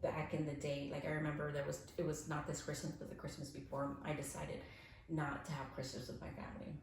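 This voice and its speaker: A woman's voice: low-pitched, brisk, background noise. Frank, echoey woman around forty. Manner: frank, swears freely, swings from soft reflection to animated laughing. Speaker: podcast guest. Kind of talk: candid conversational storytelling. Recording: very echoey room.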